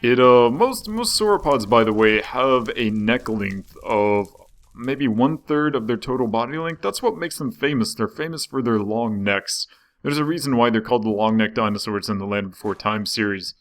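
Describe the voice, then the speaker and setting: A young gaming video host with a mid-range voice chats casually at normal speed while he plays. He rambles and often breaks off mid-sentence.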